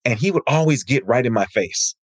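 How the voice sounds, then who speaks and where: A man's voice: medium pitch, a little fast, no room sound. A man in his fifties from Michigan, a martial arts instructor, telling stories as an interview guest and acting out the people he quotes. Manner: lively storyteller who acts out quoted people.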